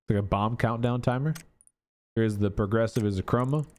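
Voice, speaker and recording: A man's voice: on the low side, fairly quick, a little mellow. A man giving casual gameplay commentary as a gaming YouTuber, thinking aloud in a chatty way with many filler words.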